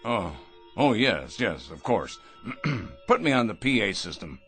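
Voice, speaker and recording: A man's voice: fairly low pitch, big pitch swings, measured pace, fairly bright tone, soft background music, heavily acted. A middle-aged man playing a cold, pompous factory owner who is obsessed with efficiency and speaks condescendingly. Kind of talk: 1960s radio drama acting.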